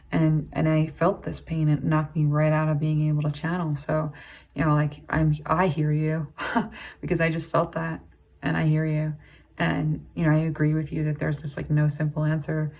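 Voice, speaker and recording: A woman giving an intuitive tarot reading to camera, halting and rambling with many "like"s and restarts, emotionally intense and pausing to sigh and breathe. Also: sits low, completely flat delivery, vocal fry, a little mellow. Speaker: tarot reader.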